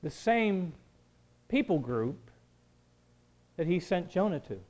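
A man as pastor, preaching a conversational sermon with joking asides and shifts between quiet talk and emphatic build-ups. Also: high voice, big pitch swings, takes it slowly.

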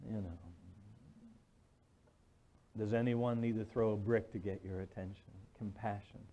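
A man's voice: fairly low pitch, steady tone, unhurried, warm tone, muffled recording. A man preaching a sermon in a conversational, storytelling way, often asking "right?".

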